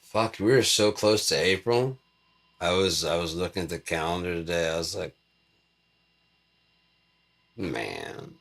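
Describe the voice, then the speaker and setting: A man's voice: low voice, steady tone, moderate pace, a bit bright. A man vlogging in a rambling, profane, joking monologue.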